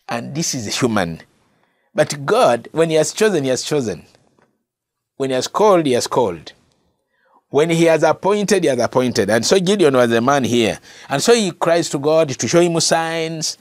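A man's voice: fairly high pitch, very animated, unhurried, dry recording. A man with a Ugandan accent teaching a Bible lesson as a sermon, earnest and repeating key phrases for emphasis. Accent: Ugandan English. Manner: addresses listeners as brother and sister. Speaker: preacher.

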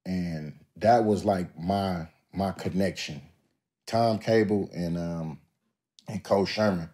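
Laid-back, profane man with a low voice. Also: takes it slowly, mellow. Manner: laid-back, profane, drawling storyteller who acts out others. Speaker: podcast guest. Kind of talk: casual interview storytelling.

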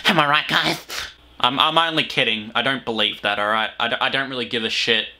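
A man's voice: mid-range voice, fast, bright, forceful tone. A young Australian man giving casual reaction commentary, crude, mocking and rambling. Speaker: reaction video host.

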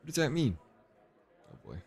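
A young man hosting his own gaming channel, giving relaxed, rambling commentary and thinking aloud as he plays. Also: a little high, normal speed, creaky, slightly rough. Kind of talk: casual gameplay commentary.

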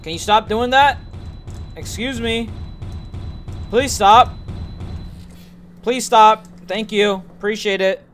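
A young man streaming a horror game, joking and swearing to his chat as he plays, and shouting when something startles him. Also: high voice, takes it slowly, long pauses, soft background music. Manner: joking, profane, talks to himself. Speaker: gaming streamer. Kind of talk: let's play commentary to chat.

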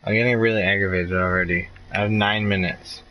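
A young man streams his gameplay in a low, bright and forceful voice, narrating loosely to his viewers. He gets irritated and swears freely, with faint noise under the recording. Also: steady tone, a little fast, low-quality recording. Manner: frustrated, swearing, laughing outbursts. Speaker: live streamer. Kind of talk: casual gameplay commentary.

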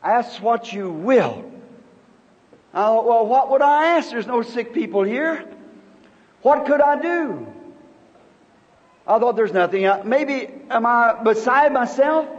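A very high-pitched man in his fifties preaches with earnest, halting storytelling that often restarts its sentences. The sound is a dull old sermon tape, and the voice carries a long reverb from the hall. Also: expressive. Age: 50s.

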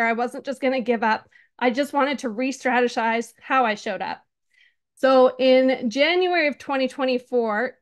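A woman's voice: sits high, a bit bright. A young-sounding woman on a video call, giving an earnest, emotional testimonial about an online course. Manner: earnest, emotional, close to tears. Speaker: course contributor. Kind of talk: webinar testimonial.

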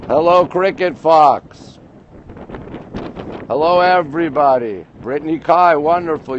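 A man's voice: a little high, lo-fi sound, slight background noise. Chatty Canadian man on a phone stream. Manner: greeting viewers rapidly, chatty and joking. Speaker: livestream host. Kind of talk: casual livestream chat. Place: outdoors, overlooking a city skyline at night.

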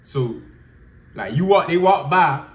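Twenties man vlogger, casual slangy storytelling, slightly high voice, roomy echo. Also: lively intonation, takes it slowly. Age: 20s. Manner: loose, profane street slang with many fillers.

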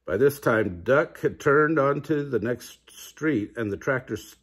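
Older man, a grandfather reading a kids' book aloud, husky mid-pitched voice, expressive storytime delivery. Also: unhurried. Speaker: storybook reader. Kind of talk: children's picture-book read-aloud.

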